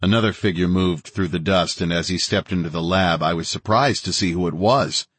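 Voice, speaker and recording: A man narrating an audiobook in a steady, dramatic reading of scripted narration. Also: low voice, a little fast, breathy edge, no echo.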